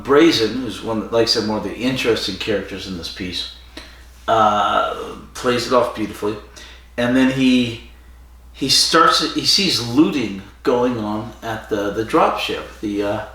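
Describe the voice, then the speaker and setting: A man's voice: lowish voice, a bit bright. A man co-hosting a casual podcast, recapping the plot of an episode with plenty of fillers and restarts. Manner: rambling, with frequent fillers and restarts. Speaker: podcast co-host. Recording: roomy and distant from the mic.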